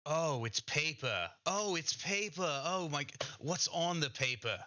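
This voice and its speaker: A man's voice: medium pitch, normal speed, sharp tone. A man voicing a restless, crude male traveling companion who curses and stammers. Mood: excited. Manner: blunt, cursing, stammering.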